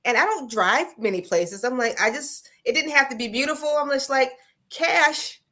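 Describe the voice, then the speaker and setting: An American woman in her forties chats in an easygoing way, telling stories and reading viewers' comments aloud. Her voice is slightly high for a woman. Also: fairly quick. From Pennsylvania, US. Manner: relaxed, storytelling, reads viewer comments. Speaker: co-host, crochet creator. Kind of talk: casual livestream chat.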